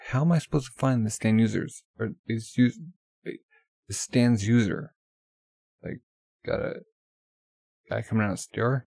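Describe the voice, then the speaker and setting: Man reading a comic aloud, casual and loose, gravelly low-end grit on his voice, dry close sound. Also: warm tone, no echo. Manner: casual, loose, with many fillers and restarts. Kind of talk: reading a manga aloud with commentary.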